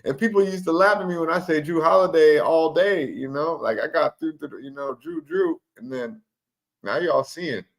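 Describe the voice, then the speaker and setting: A man co-hosting a live betting stream in loose, profane casual chat, jumping up high when he gets excited. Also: normal speed, creaky.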